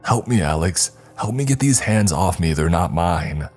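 A man's voice: a bass voice, normal speed, a little mellow, soft background music. A man voicing a frightened young man who is losing his grip, panicked and pleading, breaking into screams, in a horror story. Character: frightened, unraveling young man haunted by a presence.

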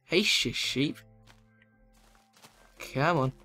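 A man giving excitable let's play commentary, chatting to the animals in the game. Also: fairly high pitch, extremely slow, faint music behind.

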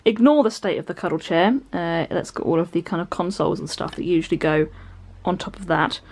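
A woman's voice: lowish voice, fairly quick, darkish tone. A British woman in her twenties talking to the camera from her living room in a casual, giggly, rambling vlog. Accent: British English. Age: 20s. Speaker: vlogger. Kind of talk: casual home vlog chat. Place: home living room, indoors.

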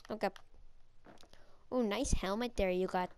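A woman's voice: fairly high pitch, slow pace, long pauses, clear, resonant tone, dry recording. A woman giving playful, goofy live commentary while playing a shooter game, with silly chants and voices. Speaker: gamer.

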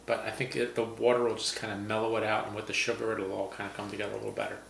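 Man, gravelly voice, relaxed joking cocktail chat, roomy kitchen sound. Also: lowish voice, very fast. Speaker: cocktail show co-host. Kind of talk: casual tasting chat. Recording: roomy with faint background noise.

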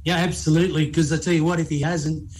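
A man's voice: fairly high pitch, flat delivery, quick pace, a little mellow, slight background noise, low-quality recording. A man, a pastor hosting a conversational faith interview, earnest and probing with frequent restarts. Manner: earnest, restarts often, asks probing questions. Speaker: pastor and podcast host.

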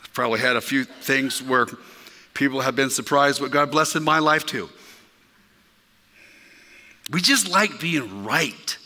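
A man's voice: medium pitch, a little slow, long pauses, sharp tone, long reverb tail. A male pastor preaching a sermon in an emphatic, conversational way, talking directly to his congregation. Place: church sanctuary.

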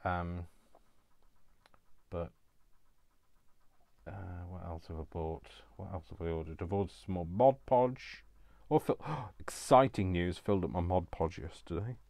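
A man's voice: low voice, a little slow, vocal fry, pauses often, warm tone, dry recording. A man vlogging as he decorates a book cover, chatting in a rambling, self-deprecating way. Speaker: craft vlogger. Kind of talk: casual chat while crafting.

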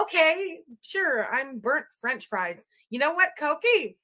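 A woman's voice: high voice, sing-song, takes it slowly, hardly any pauses, pushed and bright. A woman doing profane, mocking reaction commentary, ranting at the clips she plays. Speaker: commentary streamer.

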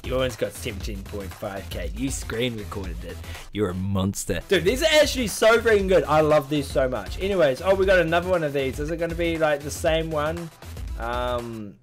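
Excitable joking young man reacting. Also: fairly high pitch, normal speed, soft background music. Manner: excitable, joking, swears casually. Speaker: YouTuber. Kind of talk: reaction video commentary.

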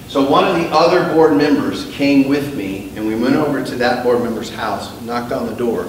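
A male pastor delivering a sermon, moving from quiet storytelling to loud, drawn-out emphasis and drawing call-and-response from the congregation. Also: mid-range voice, a little hiss or hum. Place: church sanctuary. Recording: echoey church sanctuary, mic at a distance.

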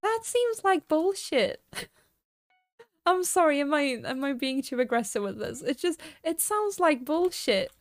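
A woman streaming a game, rambling through casual chat with her viewers and laughing often. Her voice sits high, and she takes her time over her words. The sound is dry and close, from a desk microphone. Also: lively intonation, measured pace, no echo. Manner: chatty and giggly, laughs often; rambling, reads out and answers chat.

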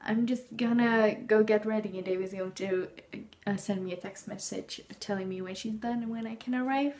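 A woman's voice: medium pitch, fairly even intonation, moderate pace, a little mellow. A young woman from the Netherlands with a Dutch accent, chatting casually in her home vlog. She rambles along with lots of fillers and laughs, filming herself in her bedroom on a handheld camera. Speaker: vlogger.

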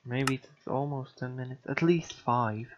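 A man's voice: mid-range voice, unhurried, muffled recording, noisy background. A man giving casual gameplay commentary, frustrated and sighing, mocking himself as he mutters along. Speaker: gamer.

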